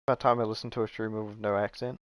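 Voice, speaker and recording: A man's voice: on the low side, little pitch movement, very fast, clean tone. A man from New Zealand on a live game stream, reading lines aloud and chatting to viewers, swearing often and stumbling over words.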